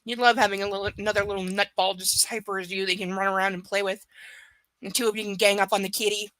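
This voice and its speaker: A woman's voice: mid-range voice, flat delivery, very fast, fairly bright tone, dry recording, poor audio. A woman chatting casually from home during a live book reading, rambling and swearing freely. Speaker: book reader streaming live.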